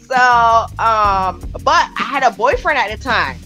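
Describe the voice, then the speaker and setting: A woman's voice: a little high, sing-song, takes it slowly, bright, forceful tone, faint music behind. A woman from Jamaica with a Jamaican accent, chatting as a podcast guest in a frank, profane, storytelling way. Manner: frank, profane storytelling with laughs and trailing fillers. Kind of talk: casual candid podcast chat.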